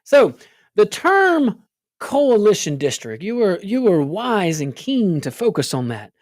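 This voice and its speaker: A woman's voice: medium pitch, sing-song, a little slow, a little mellow, dry recording, studio quality. A woman hosting a political talk show, sarcastic and full of rhetorical questions. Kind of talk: casual political commentary.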